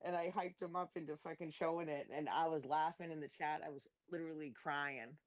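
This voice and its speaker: A woman hosting a live stream, telling crude, laughing gossip stories in a casual chat. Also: brisk. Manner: profane, laughing, animated gossip; mimics others in a high squeaky voice.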